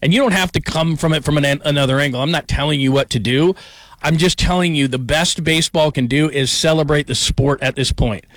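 A man's voice: on the high side, a little fast, fairly bright tone, no echo. Opinionated male sports talk host. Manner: explanatory, opinionated.

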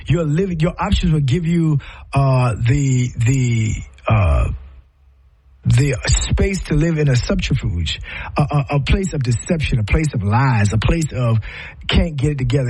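A man's voice: on the high side, a little mellow, breathy edge, low-quality recording. A middle-aged man talking in a casual, reflective monologue, rambling with frequent restarts and repeated words.

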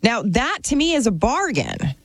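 A woman co-hosting a radio talk show, playful and quick to laugh in casual studio banter. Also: on the high side, wildly swooping pitch, dry recording. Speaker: radio co-host. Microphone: studio mic.

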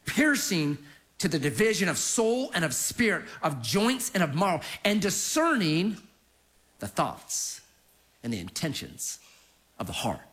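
Animated male pastor preaching. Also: on the high side, unhurried. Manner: animated storytelling with acted quotes. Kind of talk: sermon.

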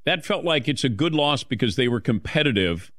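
A man's voice: mid-range voice, lively intonation, a little fast, a bit bright, no room sound. A man interviewing a guest, teasing him with short, dry follow-up questions. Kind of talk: casual interview.

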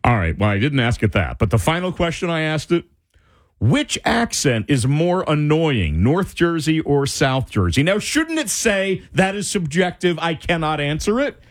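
Lively, animated male radio host. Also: fairly high pitch, moderate pace, no echo. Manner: playful, reads answers aloud with mock drama. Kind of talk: casual radio banter.

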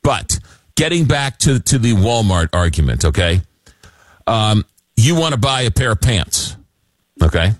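A man's voice: lowish voice, very animated, a little slow, long pauses, dry recording. A man hosting a late-night call-in radio show, reading listener messages and stumbling over restarts. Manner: hesitant, many restarts and fillers. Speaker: radio talk show host.

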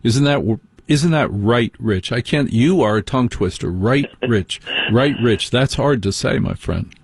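A man's voice: mid-range voice, a little slow, husky, no room sound, clean studio sound. A man hosting a call-in radio show, giving opinionated dating advice with playful asides. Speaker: radio host.

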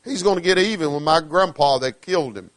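A man preaching a sermon, swinging from hushed asides to fervent calls, with folksy dialect grammar. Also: fairly high pitch, expressive, fairly quick, dry recording.

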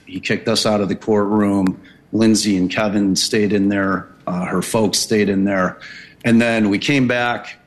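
A man recounting courtroom events in a halting way, with many restarts and fillers. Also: lowish voice. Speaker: courtroom observer and commentator.

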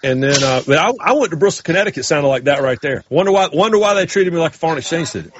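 Southern man, radio co-host, animated storyteller, slightly high voice, muffled lo-fi sound. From North Carolina, US South. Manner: animated, storytelling, quick asides. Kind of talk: casual banter.

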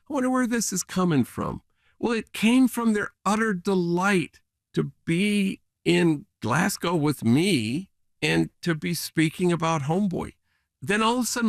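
Man, priest, interview guest, reflective storytelling, earnest, lively intonation. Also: mid-range voice, creaky. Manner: earnest, animated, mimics voices in anecdotes.

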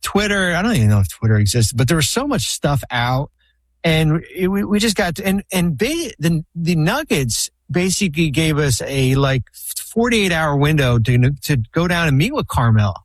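A man's voice: on the high side, sing-song, normal speed, dry recording. A man guest on a talk show telling long, rambling anecdotes with many restarts and fillers. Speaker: podcast guest, former basketball team executive. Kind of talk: casual storytelling chat.

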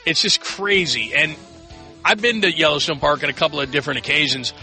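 Bright-voiced rambling radio host man. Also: on the high side, brisk, soft background music. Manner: rambling, chatty, lots of fillers and restarts. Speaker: radio sports talk host. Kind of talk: late-night radio talk. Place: radio studio.

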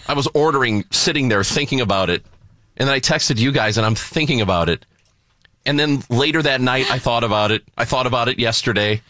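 A man co-hosting a talk show, telling an embarrassing story in a casual, animated, self-mocking way. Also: medium pitch, a little fast, no echo.

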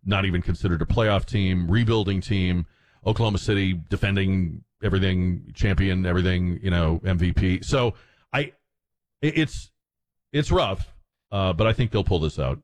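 Male talk radio host with a lowish voice; indignant, sarcastic monologue delivery. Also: moderate pace, darkish tone.

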